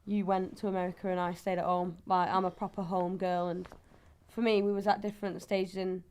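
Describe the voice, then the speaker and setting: A woman's voice: fairly low pitch, flat delivery, a little fast, a little mellow, clean tone. A woman in her twenties with a northern English accent, chatting casually as a footballer guest, laughing often. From England. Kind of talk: casual chat.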